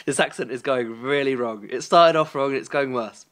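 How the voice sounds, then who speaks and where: A man's voice: mid-range voice, moderate pace, a bit bright. A young man vlogging, making casual comic commentary with wry, giggly asides.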